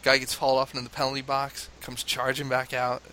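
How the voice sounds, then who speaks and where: A man from the United States, a father, telling a lively anecdote in casual conversation, laughing often and mimicking chanting crowds. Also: medium pitch, fairly quick.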